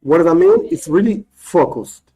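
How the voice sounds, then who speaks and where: Animated rabbi teaching a class. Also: male voice, high voice, normal speed, creaky, husky, low-quality recording. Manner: animated, restarts, acts out examples. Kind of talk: spoken class.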